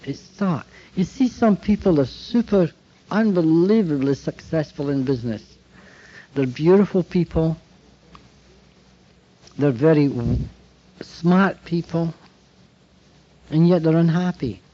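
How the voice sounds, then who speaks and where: A man giving a talk to therapists, telling anecdotes in an animated way and acting out bits of dialogue. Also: fairly high pitch, slow pace, long pauses. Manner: animated anecdotal storytelling, acts out quoted dialogue. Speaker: speaker addressing therapists. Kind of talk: storytelling lecture. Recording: dull lo-fi recording.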